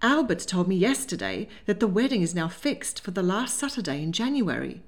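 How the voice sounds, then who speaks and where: A woman's voice: on the low side, sing-song, brisk. A woman voicing a worried middle-aged genteel mother who speaks in a fretful, conciliatory way.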